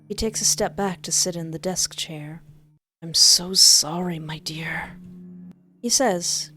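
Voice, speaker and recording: A woman reading a visual novel aloud in first person, expressive, with exasperated asides. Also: lowish voice. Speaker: game player narrating.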